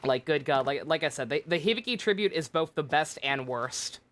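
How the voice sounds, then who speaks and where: A woman with a low-pitched, expressive voice livestreams a game at a brisk pace. Her casual gameplay commentary rambles, restarts often, and is full of swearing.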